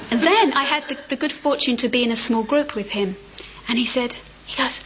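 A middle-aged woman giving a dharma talk as a meditation teacher, gentle and reflective with unhurried pauses. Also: fairly high pitch, lively intonation, heavy background noise. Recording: slightly muffled with faint ambience.

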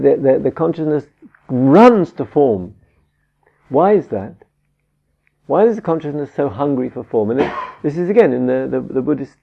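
A man teaching a Buddhist dharma talk, halting and searching for words with frequent restarts, on a dull lo-fi recording. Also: mid-range voice, gravelly, husky. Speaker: meditation teacher.

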